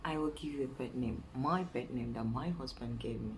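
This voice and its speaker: A young Nigerian woman with a Nigerian accent, giving chatty dating advice in a casual vlog and dropping into a soft coaxing voice to act out sweet talk. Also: extremely low pitch, normal speed, slight background noise, poor audio.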